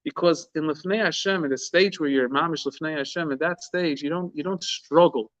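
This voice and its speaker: A man's voice: fairly high pitch, fairly quick, fairly bright tone, dry recording. A man, a rabbi, giving an informal Torah talk with a story. He speaks earnestly and often restarts, mixing in Hebrew and Yiddish terms. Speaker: rabbi teaching a class. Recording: dull, lo-fi dry recording.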